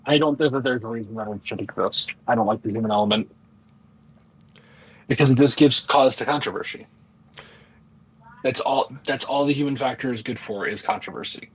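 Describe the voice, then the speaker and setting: A man's voice: medium pitch, brisk, long pauses, breathy edge, poor audio. A man co-hosting a casual sports podcast, arguing his point bluntly. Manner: argumentative, blunt. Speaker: podcast co-host. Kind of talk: casual chat.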